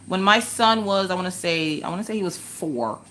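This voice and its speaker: A woman's voice: on the low side, a little fast, bright, forceful tone, slight background noise. A woman in her thirties from Pennsylvania, hosting a casual crafting livestream from home, chatty and laughing often as she tells family stories. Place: home, indoors.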